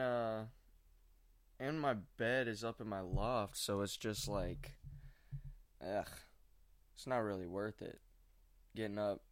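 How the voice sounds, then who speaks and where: With a fairly low-pitched voice and no echo, a young man vlogs from his couch at home. He rambles into a desk microphone at a mixing board, casual and slangy but anxious in his musing.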